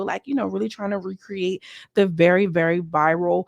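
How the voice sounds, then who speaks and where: A chatty woman reviewing reality TV in a sassy, gossipy way, speaking right to her audience. Her voice has a gravelly fry at the edges. The sound is dry and close, with no room around it. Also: medium pitch, fairly even intonation, normal speed, dry recording. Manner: chatty and sassy, talks straight to viewers. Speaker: YouTuber reviewing a reality show. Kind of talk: casual gossipy commentary.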